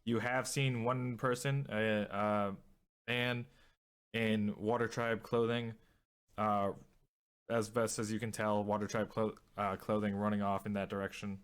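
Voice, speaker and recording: A man with a fairly low voice runs a tabletop game as game master. He narrates in a halting way, stopping and restarting often with fillers. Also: level tone, smooth. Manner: hesitant, many fillers and restarts.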